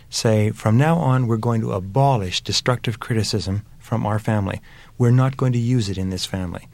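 A man's voice: medium pitch, no room sound. A man giving earnest, emphatic parenting advice in a motivational talk, building his points through repeated phrases. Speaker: parenting speaker.

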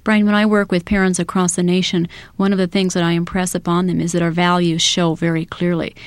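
A woman's voice: on the low side, little pitch movement, brisk, clear, resonant tone, no echo. A woman who works with parents, explaining ideas through everyday scenarios. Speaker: parenting educator.

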